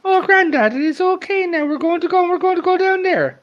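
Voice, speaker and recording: A woman's voice: very high voice, lively intonation, brisk, muffled recording, voice pushed up. A man voicing his young female cousin coaxing her confused grandfather.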